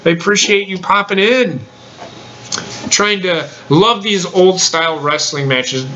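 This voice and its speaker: A man's voice: high-pitched, a little slow, bright, forceful tone, muffled recording, a little hiss or hum. Man hosting a casual wrestling chat. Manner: blunt, swears freely. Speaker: podcast host.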